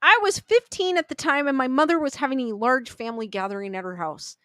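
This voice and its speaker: Higher-voiced woman reading ghost stories. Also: a little fast, bright, forceful tone, dry recording. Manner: casual, chatty reading with asides. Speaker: story reader.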